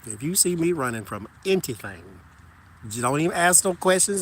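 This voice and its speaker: A man casually chatting with his viewers while walking outside, animated and joking, talking to them as "y'all". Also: on the high side, normal speed, slight background noise. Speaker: tarot reader chatting with live viewers.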